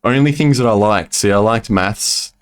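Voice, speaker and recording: A man hosting a podcast, chatting in a relaxed, easygoing way. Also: on the low side, normal speed, smooth. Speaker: podcast host. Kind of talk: casual podcast chat.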